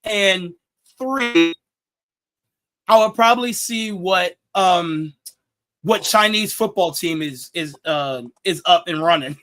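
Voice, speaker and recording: A young man with a high voice hosts a casual sports talk show. He jokes, laughs at his own jokes and repeats his words as he goes. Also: unhurried, sharp tone. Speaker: show host.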